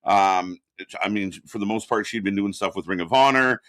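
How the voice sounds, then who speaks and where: A man's voice: lowish voice, normal speed, a bit bright, no room sound. A man co-hosting a live wrestling watch-along stream, chatting casually, laughing often and greeting chat viewers by name.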